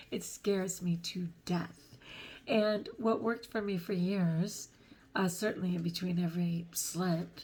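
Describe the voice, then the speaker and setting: Speaking slowly in a lowish, darkish voice with a steady tone, a middle-aged woman vlogs about her faith. She is earnest and chatty, gently making fun of herself and often laughing between thoughts.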